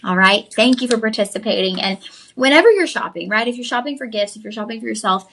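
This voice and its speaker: A woman hosting a live shopping stream, chatty and upbeat, pitching jewelry and calling viewers "y'all". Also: expressive, fast, pushed and bright. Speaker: shopping channel host.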